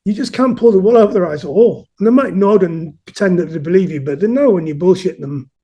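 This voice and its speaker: A man's voice: high voice, expressive, fast, warm tone, breathy edge. A man in his fifties, a musician being interviewed, talking earnestly and reflectively and often repeating words as he starts a sentence. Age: 50s. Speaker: guest musician. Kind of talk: casual conversational interview.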